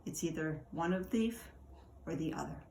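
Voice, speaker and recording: Woman, low pitch, informal church devotional, conversational and halting; roomy echo. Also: animated, mellow. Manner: conversational, halting with fillers and restarts. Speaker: church leader giving a devotional. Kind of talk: informal devotional talk with scripture reading. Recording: echoey room, faint background noise.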